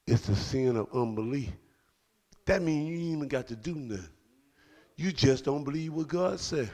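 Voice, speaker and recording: A middle-aged man preaching a sermon to his congregation, building into shouted calls to the church. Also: mid-range voice, lively intonation, normal speed. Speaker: pastor. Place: church sanctuary.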